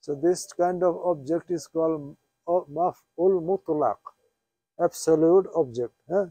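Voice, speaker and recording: A male teacher gives a classroom lesson on Quranic Arabic grammar, going over each term again and again and checking in with short questioning tags. His voice is fairly high but mellow and warm. The recording is dry, with little room sound. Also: moderate pace, no echo. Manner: patient, repetitive explaining with questioning tags. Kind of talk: classroom lesson, mixing English and Bengali.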